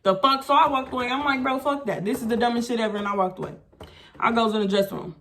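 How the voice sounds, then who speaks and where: Mulher contando uma história, sem filtro. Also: female voice, on the high side, quick pace, slight background noise. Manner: blunt, profane, animated retelling. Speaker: vlogger. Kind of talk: storytime vlog rant.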